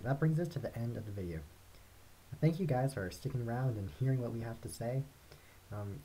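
A man's voice: medium pitch, mellow, a little hiss or hum. A teenage young man giving a casual recorded farewell message in an upbeat, easygoing way, with filler words. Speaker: student theater member closing the video.

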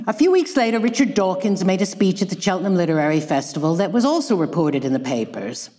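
A woman's voice: lowish voice, fast talker. Dry, ironic woman lecturing in a hall. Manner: dry, ironic, deadpan asides. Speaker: guest lecturer. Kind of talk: public lecture, retelling a tale.

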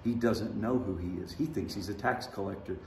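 This pastor speaks briskly in a lowish, slightly mellow voice, preaching a conversational sermon punctuated by dramatically voiced quotes. Recorded from far away in an echoey, large church sanctuary, the audio carries a little hiss or hum.

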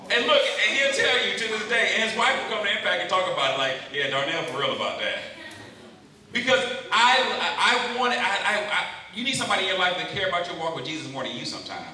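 A man giving a lively youth sermon at a camp, often calling out questions to his listeners. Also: high-pitched. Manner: lively, calls out questions to the crowd. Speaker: camp speaker. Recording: very echoey hall, mic far off.

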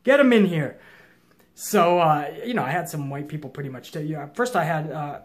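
A young man hosts his own show, telling viewers a long story at a fairly quick pace. His delivery is casual, profane, and intense, swinging between low mutters and loud challenges.

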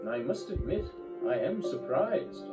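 A courteous young diesel engine, eager and polite, with his voice lifted well above the man acting him out, in a narrator's put-on voice. The storybook reading has loud music underneath. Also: a little high, big pitch swings, measured pace, pitched above the performer's own voice. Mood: polite, surprised. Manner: courteous, eager, a little stuttering.

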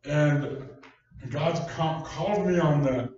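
High-voiced preaching man in an echoey church. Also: slow, darkish tone. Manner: conversational storytelling preaching, folksy. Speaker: pastor. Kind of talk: sermon. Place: church hall. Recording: distant echoey church recording, dull sound.

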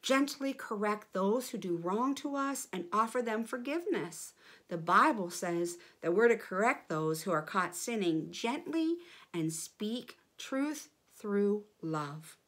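A woman's voice: medium pitch, moderate pace, a bit bright. A woman leading a children's church lesson, speaking in an encouraging way to kids.

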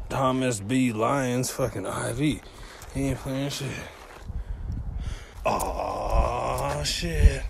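A man vlogging on a road trip, crude and excitable, swearing constantly as he talks. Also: medium pitch, creaky. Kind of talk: profane outdoor travel vlog. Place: outdoors at nature spots on a road trip. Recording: loud outdoor noise, wind and vehicles.

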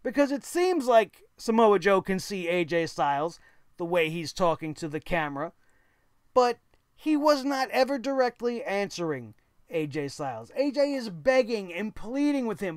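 A man's voice: high voice, sing-song, normal speed, smooth, dry recording, studio quality. A man hosting a wrestling review show, giving blunt, opinionated commentary with casual swearing.

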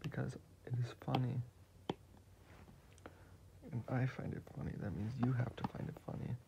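A man's voice: mid-range voice, steady tone, normal speed, gravelly. A man chatting casually about what he is drawing, rambling and joking as he goes. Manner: rambling, jokey. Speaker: video creator. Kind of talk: casual narration while drawing. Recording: muffled lo-fi recording with hiss.

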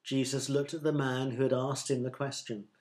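A man reading a Bible story aloud for a short church thought of the day, clear and even. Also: mid-range voice, normal speed. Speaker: church speaker.

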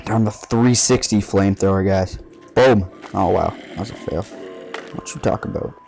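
Low-voiced joking male gamer. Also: fairly quick, creaky, a little mellow, soft background music. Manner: joking, trash-talking, reactive. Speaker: gameplay commentator. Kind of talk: casual gameplay commentary.

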